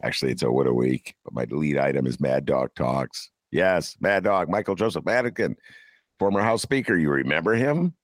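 A man's voice: rumbling low, lively intonation, moderate pace, no room sound. An older man hosting a political talk show, sarcastic and ranting. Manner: sarcastic, ranting, mocks people in put-on voices. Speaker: podcast host.

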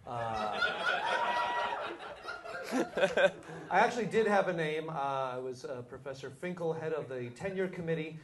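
A man as a podcast guest, talking in a halting, stammering, self-deprecating way. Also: on the high side, lively intonation. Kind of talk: casual interview chat.

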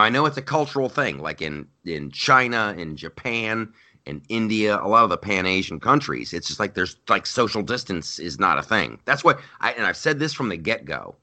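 A man co-hosting a podcast, telling stories in casual chat with loud, animated outbursts. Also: deep voice. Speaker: podcast co-host. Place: lives in New York.

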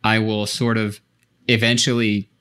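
A man's voice: on the low side, flat delivery, a little slow, a bit bright, smooth. A man co-hosting a podcast, explaining things at length in casual conversation with frequent restarts. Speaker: podcast co-host. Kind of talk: casual chat.

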